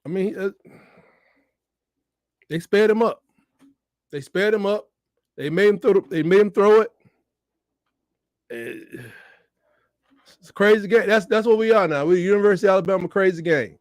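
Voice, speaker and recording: A man giving live, excitable reaction commentary on a football game, swinging between shouts and mutters. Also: high voice, normal speed, pauses often, dry recording, studio quality. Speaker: fan watch-along host.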